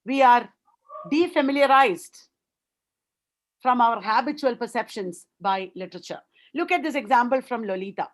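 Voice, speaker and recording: A woman's voice: on the high side, normal speed, long pauses. A woman giving an academic webinar lecture, explaining in an earnest way and repeating words for emphasis.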